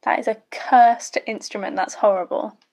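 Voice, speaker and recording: A woman's voice: a little high, fairly even intonation, normal speed, darkish tone. A young woman giving casual, blunt, sweary reaction commentary while watching a show. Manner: blunt, sweary, chatty asides. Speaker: YouTube reaction host.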